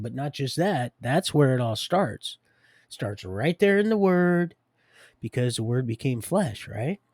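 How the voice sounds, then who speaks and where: Male streamer with a gravelly voice, dry close mic, rambling and laughing, sometimes dropping to a near whisper. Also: mid-range voice, no room sound. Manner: rambling, laughing often, shifting loud and hushed. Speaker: livestream host. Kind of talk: rambling faith talk on a livestream.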